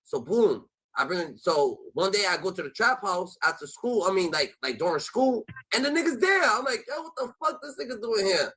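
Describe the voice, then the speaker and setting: A man telling a rowdy street story in casual chat, heavy with slang and cursing, jumping in pitch whenever he acts out other people. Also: normal speed, few pauses, husky, poor audio. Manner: animated storytelling, acting out quoted voices with jumps in pitch. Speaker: host.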